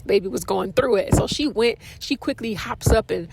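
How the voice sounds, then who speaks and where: A woman hosting a casual podcast, telling a story in an animated, dramatic way. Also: moderate pace, vocal fry, background noise. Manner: animated and dramatic, with expressive pitch jumps. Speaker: podcast host.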